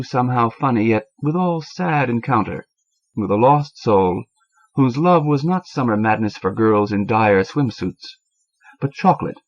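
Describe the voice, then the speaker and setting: A man reading a short story aloud, measured and expressive. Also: medium pitch. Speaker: audiobook reader. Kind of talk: scripted narration. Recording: dull lo-fi cassette audio.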